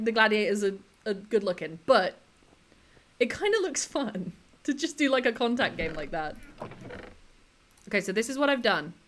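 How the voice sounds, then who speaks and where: A woman with a slightly high voice talks casually to her stream chat while she plays a block-building game. She giggles often and drifts from topic to topic, reacting to viewers as she goes. She speaks into a desk microphone. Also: fairly bright tone. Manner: chatty and giggly, answering chat between tasks.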